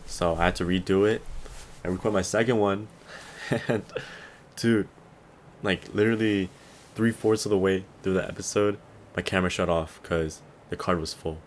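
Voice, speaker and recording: A young man in his twenties talks on his solo podcast with a very deep voice. He rambles easily through his thoughts, stacking fillers and soft chuckles, and sounds a little tired. A faint hum of noise sits under him. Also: fairly even intonation, moderate pace, pauses often. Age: 20s. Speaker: podcast host. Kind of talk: casual solo podcast chat.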